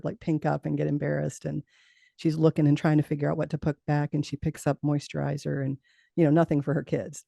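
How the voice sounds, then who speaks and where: A woman's voice: deep voice, gravelly, warm tone, no room sound, studio quality. A middle-aged woman, a guest in an interview, telling a personal story earnestly, laughing now and then and restarting her sentences.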